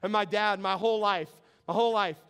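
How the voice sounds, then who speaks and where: An excitable pastor preaching with a lively, animated delivery and frequent laughter. His voice sits high for a man and rings smooth and clear. He speaks to his listeners in a warm, practical way. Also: fairly quick. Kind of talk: sermon.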